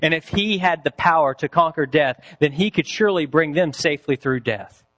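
A man preaching a sermon, telling a story with deliberate pacing and dramatic pauses. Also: on the high side, lively intonation, fairly bright tone. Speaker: pastor.

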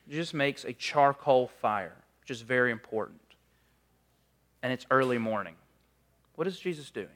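A man's voice: mid-range voice, sharp tone. A man preaching a sermon in a conversational, storytelling way, with frequent casual fillers.

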